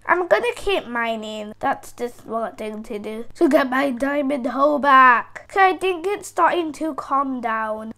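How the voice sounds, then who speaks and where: A woman's voice: sits high, lively intonation, a little slow, few pauses, sharp tone. A woman giving casual gameplay commentary, chattering to herself, easily startled and repeating phrases over and over. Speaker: gaming channel host.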